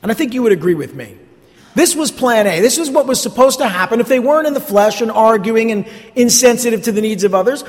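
A man's voice: very high-pitched, lively intonation, quick pace. A man from North Jersey with a New Jersey accent, preaching a sermon in a conversational way with sarcastic asides and repeated words. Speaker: pastor. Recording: long hall reverb.

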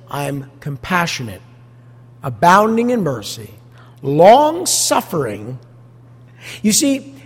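A man preaching a sermon as pastor, animated and full of rhetorical questions to the congregation. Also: extremely high pitch, breathy edge, long reverb tail.

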